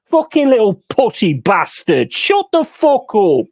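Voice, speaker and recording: A man reacting live to a football match and ranting at the referee. He swears constantly. His voice swings widely in pitch as he rages. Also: huge pitch swings, measured pace, creaky, hardly any pauses, a little mellow. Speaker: watch-along host.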